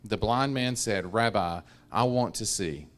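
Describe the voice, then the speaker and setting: Low-voiced man reading a modern paraphrase. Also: measured pace. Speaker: Bible class member reading scripture. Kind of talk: reading scripture aloud.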